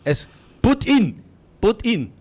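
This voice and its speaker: A man in his fifties co-hosts a radio show from the studio. His slightly high voice swings widely in pitch, and he talks at an unhurried pace. He laughs often and mixes English with Afrikaans. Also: very animated, dark tone. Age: over 50. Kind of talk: casual studio banter, reading listener comments.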